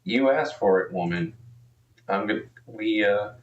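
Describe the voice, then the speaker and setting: Slow-talking streamer man, distant mic. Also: fairly low pitch, roomy sound, highs cut off, slight background noise. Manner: profane, rambling, easily exasperated. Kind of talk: casual live-stream commentary.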